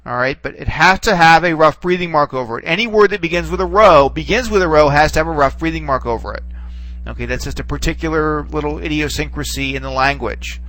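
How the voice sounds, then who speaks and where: A man with a fairly high, sharp voice talks fast in a recorded lesson with poor audio. Typing on screen as he goes, he explains step by step, frequently checks in with "okay?", and trails off and repeats words while working.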